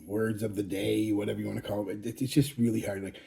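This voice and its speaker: A man in his forties gives a rambling channel update, blunt and casually profane, often restarting his sentences. His voice sits fairly low, with a dark, mellow tone. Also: little pitch movement, quick pace, gravelly. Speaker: fragrance channel host.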